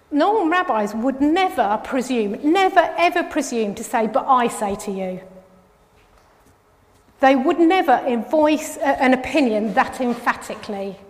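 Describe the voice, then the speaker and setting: A woman preaching a sermon, talking conversationally with restarts and pressing hard on key phrases. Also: high-pitched. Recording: long reverb of a large hall.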